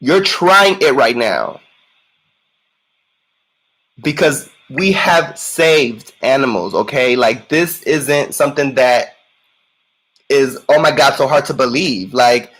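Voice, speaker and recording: A man's voice: medium pitch, slow pace, long pauses, a bit bright, breathy edge, rough recording. A man co-hosting a sassy reaction commentary, campy, profane and emphatic. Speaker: co-host.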